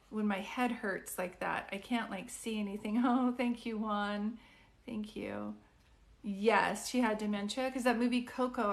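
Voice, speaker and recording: A middle-aged woman giving psychic readings on a live stream, chatty and reassuring, often saying "like" and "do you know what I mean". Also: medium pitch.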